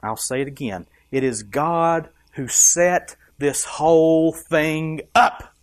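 A man's voice: a little high, slow, no room sound, clean studio sound. A man preaching a sermon, emphatic and rising and dropping for effect, asking the congregation questions. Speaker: pastor.

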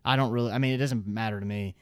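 A man's voice: on the low side, steady tone, racing, smooth, no echo, studio quality. Young Southern man, rambling story. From American South. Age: young adult. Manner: rambling, self-amused, lots of fillers. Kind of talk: casual storytelling.

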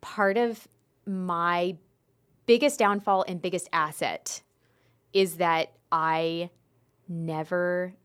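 Animated woman telling a story. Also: on the low side, takes it slowly, long pauses, clear, resonant tone. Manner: animated storyteller, acts out quotes. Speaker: podcast co-host. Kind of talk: casual chat.

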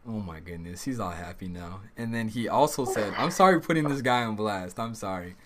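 A man's voice: lowish voice, animated, fairly quick, background noise. An American man hosting a podcast in casual chat, reading out comments and laughing a lot. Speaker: podcast host.

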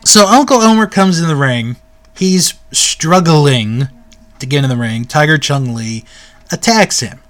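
Chatty guy going over an old wrestling tape, high lively voice, takes his time. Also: a little slow. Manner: chatty, laughs at the footage, mimics the people in it. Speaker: wrestling history reviewer. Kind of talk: casual recap of an old tape.

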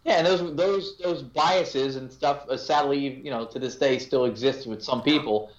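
A man, a paranormal investigator casually recounting his investigation as an animated storyteller. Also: medium pitch, normal speed. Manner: animated storyteller who laughs at his own tale. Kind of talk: casual podcast conversation. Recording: echoey, dull lo-fi remote audio.

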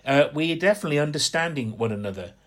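A man from Hampshire giving a gentle, rambling radio devotional reflection, with frequent fillers. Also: a little high, animated, racing. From Hampshire, England.

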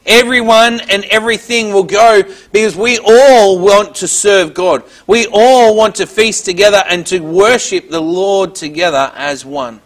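A man's voice: high-pitched, a little slow, few pauses. A man preaching a Bible teaching, reading verses aloud and then explaining them in plain words. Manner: reads scripture aloud then explains it, with small restarts.

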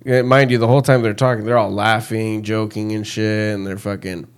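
A man's voice: lowish voice, little pitch movement, brisk, smooth. A man in casual chat, retelling a heated confrontation with heavy swearing. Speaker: storyteller.

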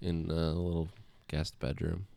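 Deep-voiced man on a close mic. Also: monotone, unhurried, creaky, warm tone, no room sound. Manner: laughs often, self-deprecating, storytelling. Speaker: podcast host. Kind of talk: casual chat. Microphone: close podcast mic, breath audible.

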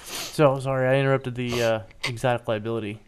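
A man's voice: medium pitch, steady tone, a little fast, clean tone. A man co-hosting a podcast in casual banter, teasing and dry, swearing now and then. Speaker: podcast co-host.

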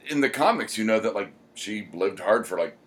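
A man with a somewhat low voice talks casually as a podcast co-host. He rambles, pausing often with ums as he gathers his thoughts. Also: animated. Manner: rambling, many "um" pauses. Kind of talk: casual chat.

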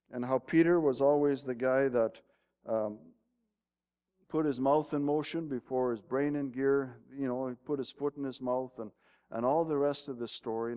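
A man preaching a sermon in a mid-pitched voice, reading a story aloud and pushing to emphatic peaks. His words carry a long reverb tail from a large hall. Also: darkish tone, clean tone. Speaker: pastor.

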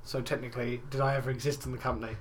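A man's voice: mid-range voice, racing. A young man co-hosting a podcast, telling crude stories in casual banter with lots of swearing and acted quotes. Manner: profane, animated storytelling with acted quotes. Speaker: podcast co-host.

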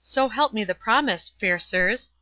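A woman's voice: medium pitch, lively intonation, unhurried, bright, forceful tone, dry recording, highs cut off. A woman reading the part of a terrified old man who pleads fearfully for mercy. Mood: pleading.

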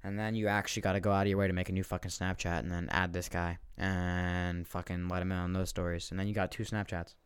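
A man's voice: sits low, level tone, fast talker, hardly any pauses, clear, resonant tone, no room sound. A young man hosting a podcast, telling a comic rant full of swearing, rambling and restarts. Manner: profane, rambling, restarts often. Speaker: podcast host. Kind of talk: comedic rant.

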